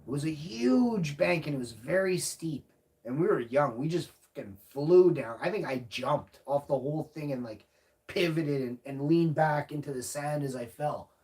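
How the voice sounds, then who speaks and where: Recorded from a distance, a fairly high-pitched young man speaks at a moderate pace in his home room at night, well back from the mic. The live streamer delivers a brash, profane, rambling monologue, acting out the shouts he made.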